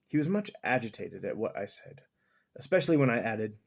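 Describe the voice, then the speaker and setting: A man reading a novel aloud at home in a slow, measured, dramatic first-person style. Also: medium pitch, animated, a little mellow. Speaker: audiobook reader.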